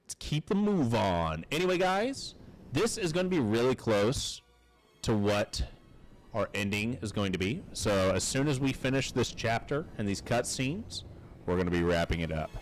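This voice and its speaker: A man streaming a game playthrough, giving casual, excited and joking reactions to the gameplay. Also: mid-range voice, normal speed, faint music behind. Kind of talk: casual let's-play commentary.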